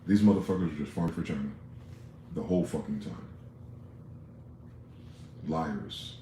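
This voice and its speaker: Brief: deep, mellow-voiced man, heated sarcastic profane rant, roomy echo. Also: normal speed, a little hiss or hum. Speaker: commentary vlogger. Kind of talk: ranting political commentary.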